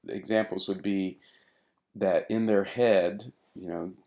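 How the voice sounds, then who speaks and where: A middle-aged man giving a recorded therapy training lecture in a relaxed, conversational way, with frequent fillers and restarts. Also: deep voice, slow.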